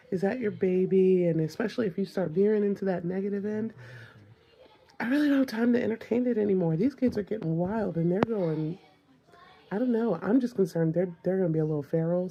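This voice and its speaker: A woman's voice: mid-range voice, warm tone, breathy edge. A young mother with a Southern accent talking casually to the camera, frank and exasperated.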